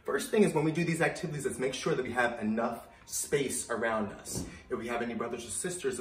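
A young man leading a children's activity class as a gym instructor, upbeat and coaxing the kids to repeat after him. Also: mid-range voice. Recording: roomy echo, voice from a distance. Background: music playing.

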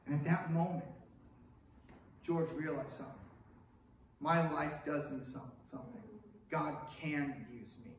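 A middle-aged man preaches to his church in a lively, storytelling way, acting out quotes and tossing in asides. His voice sits fairly high for a man. He sounds set back from the mic in a very echoey room with faint hiss. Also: measured pace, long pauses. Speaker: pastor. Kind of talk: sermon. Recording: echoey room picked up from a distance.

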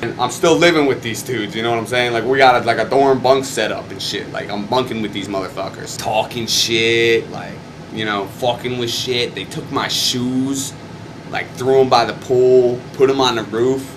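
A young man, a stuntman, telling a rambling, profane story in casual chat the morning after a wild night, getting loud and excited as he acts out the fights. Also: medium pitch, normal speed, background noise. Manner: profane, excitable, swings loud when reenacting. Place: hotel room.

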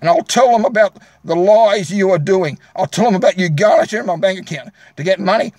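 Australian male vlogger, high-pitched, dry close sound, furious and repetitive rant. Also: fairly quick, darkish tone, no room sound. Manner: angry, combative, repetitive. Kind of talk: angry direct-to-camera rant.

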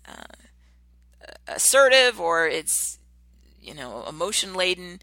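Passionate woman host with a gravelly edge. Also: mid-range voice, very animated, pushed and bright, no room sound. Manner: passionate, emphatic, with slow dramatic stresses. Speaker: podcast host. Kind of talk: motivational podcast monologue.

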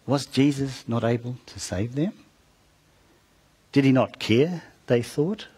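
Male preacher, husky mid voice, dramatic storytelling sermon with asides to the congregation. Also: medium pitch, takes it slowly. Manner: dramatic retelling that drops soft at phrase ends; talks to the listeners with asides.

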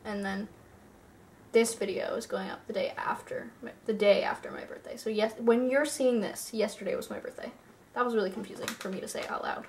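A woman's voice: on the high side, fairly even intonation, brisk, darkish tone, a little hiss or hum. A young woman chatting casually to her viewers in a rambling vlog, full of fillers. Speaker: YouTuber.

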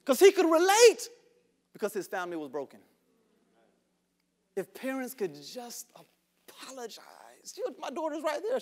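High-voiced pastor preaching with big dynamic swings. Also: male voice. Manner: swings from hushed whispers to shouted outbursts; repeats words for emphasis. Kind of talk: sermon. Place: church sanctuary.

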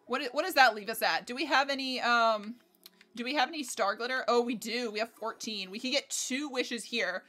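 A young American woman streaming a game in casual chat, excitable, swearing freely and laughing often. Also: fairly high pitch, a little fast. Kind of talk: casual livestream gameplay chat. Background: faint game music.

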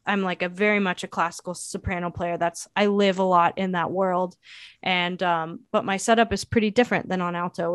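A woman's voice: on the low side, dry recording, clean studio sound. A woman saxophonist and educator, answering interview questions in a thoughtful, reflective way, with frequent fillers and restarts.

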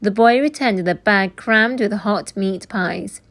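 Lady teacher reading a kids book out loud, slow and expressive. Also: medium pitch. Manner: slow, expressive read-aloud narration. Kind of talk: storybook reading aloud for children.

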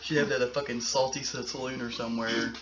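A man's voice: medium pitch, little pitch movement, fast talker. A man casually commenting on a life-simulation game with a partner, dry, profane and joking. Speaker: gameplay commentator. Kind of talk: casual let's-play chat. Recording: muffled recording with faint hiss.

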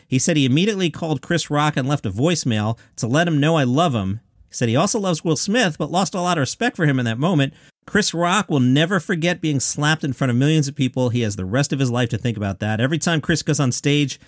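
A man's voice: mid-range voice, no echo, studio quality. A man hosting a daily comedy news podcast, reading out quotes and adding wry asides. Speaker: podcast host.

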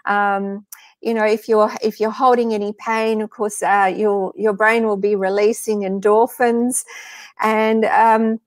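An Australian woman, a guest sound healer, explaining her workshop in a live video chat, pausing often with fillers and restarts. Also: mid-range voice, level tone, no echo. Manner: hesitant, many fillers and restarts.

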